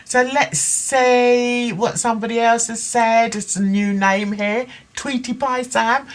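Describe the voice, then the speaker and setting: A woman hosts a livestream, reading out viewer comments and reacting heatedly and passionately about a case, speaking as a mother. Her voice is a little high and steady, with a slow pace and few pauses.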